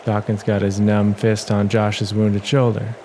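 A man giving a measured, dramatic reading as the narrator of his own audio adventure story, in a noisy home recording. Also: lowish voice, monotone, mellow. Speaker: storyteller and writer.

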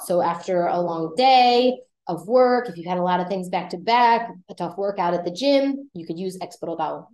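A woman hosting a casual language lesson, explaining words in a relaxed way with small fillers and restarts. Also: on the low side, reverberant. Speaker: Spanish teacher and podcast host.

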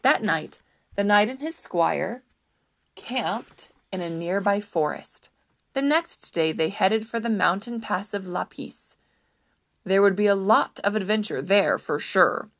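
Animated woman narrating a storybook. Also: medium pitch, unhurried.

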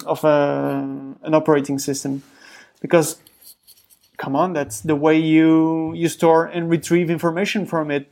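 A podcast co-host in their thirties in casual tech chat, often pausing and repeating words while thinking. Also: medium pitch, darkish tone. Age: 30s.

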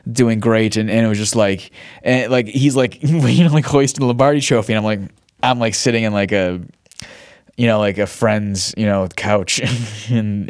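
A man's voice: lowish voice, darkish tone, no echo, studio quality. Rambling, profane man on a podcast. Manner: rambling, profane, stops and restarts sentences; chuckles often between thoughts. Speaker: podcast host. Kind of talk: casual solo monologue.

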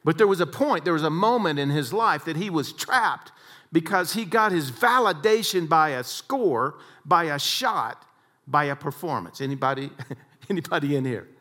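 Animated male storytelling speaker. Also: fairly high pitch, normal speed. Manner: animated storytelling, swings between soft and loud. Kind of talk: inspirational storytelling talk.

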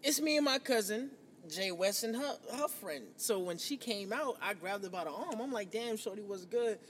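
High-voiced profane storyteller man from New York. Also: moderate pace, long reverb tail, slight background noise. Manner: profane, animated storyteller, quoting himself. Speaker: podcast host. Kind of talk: casual storytelling chat.

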